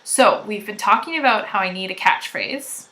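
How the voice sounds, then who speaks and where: A woman hosting a knitting podcast, chatting loudly to viewers in a gushing, rambling way. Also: medium pitch, expressive, normal speed. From Canada. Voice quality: loud. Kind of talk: casual chat to viewers.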